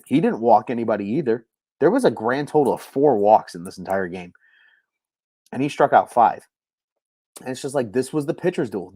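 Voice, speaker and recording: A man's voice: lowish voice, no room sound, studio quality. Frustrated man hosting a late-night baseball rant. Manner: animated, frustrated, many restarts and "like". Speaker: sports podcast host. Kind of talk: solo postgame livestream rant. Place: home at night, keeping quiet.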